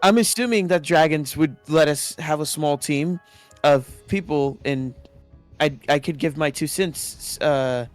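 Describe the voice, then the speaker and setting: A man's voice: a little high, a little slow, dry recording, faint music behind. A man voicing his character in a tabletop game, polite and hesitant. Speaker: player.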